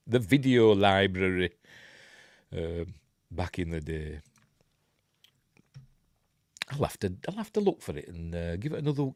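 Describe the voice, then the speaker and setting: Middle-aged Yorkshire man, low-ish lively voice, dry close sound, chatty film-review host. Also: dry recording. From Yorkshire, England. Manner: rambling, chuckling asides, many fillers. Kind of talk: casual film breakdown, chatting with live viewers.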